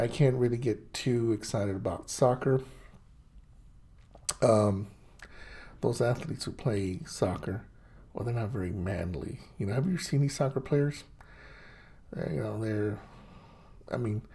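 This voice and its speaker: A man's voice: fairly low pitch, darkish tone, breathy edge. A middle-aged man hosting his own show, rambling through a blunt, scornful rant full of fillers and restarts. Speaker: host. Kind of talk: ranting monologue.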